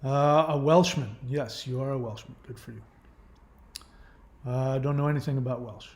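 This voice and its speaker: A man's voice: medium pitch, fairly even intonation, normal speed, echoey room. A man hosting his own channel, chatting casually and rambling through trivia with lots of fillers and self-corrections. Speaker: channel host. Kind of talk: casual live-stream chat.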